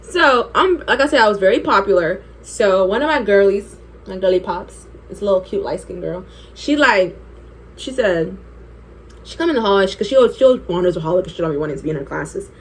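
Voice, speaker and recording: A young woman vlogger telling an animated, profane story while doing her makeup. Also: medium pitch, a little fast, a little hiss or hum. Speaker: beauty vlogger.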